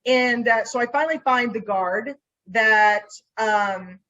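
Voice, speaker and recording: A woman's voice: a little high, takes it slowly, highs cut off. A woman private investigator telling a story in a casual interview, acting out what she said to people along the way. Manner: animated storyteller acting out her own lines.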